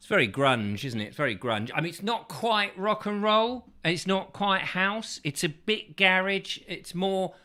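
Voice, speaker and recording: A man hosts a chat show in a rambling, whimsical monologue. His pitch leaps about animatedly, and his tone stays bright and forceful. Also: animated, measured pace, few pauses. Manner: whimsical, absurd asides, silly noises.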